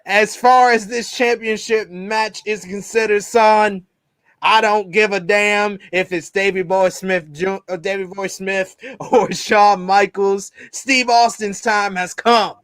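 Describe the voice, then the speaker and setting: A man doing a gruff Southern male wrestler who cuts a boastful, threatening promo in a put-on drawl. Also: sits high, steady tone, a bit bright, dry recording, clean studio sound. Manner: growling threats, drawn-out boasts.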